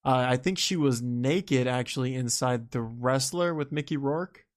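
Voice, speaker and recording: A man's voice: mid-range voice, a little slow. A man co-hosting a casual movie podcast, ranting in an exasperated, incredulous way. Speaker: podcast co-host. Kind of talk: casual film discussion.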